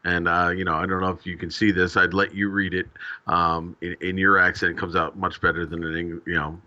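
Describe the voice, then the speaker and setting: A man's voice: low voice, flat delivery, fairly quick, pushed and bright, dull audio. An American man co-hosting a casual livestream, hesitant and full of fillers as he reads articles aloud over a headset. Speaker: drone news stream co-host.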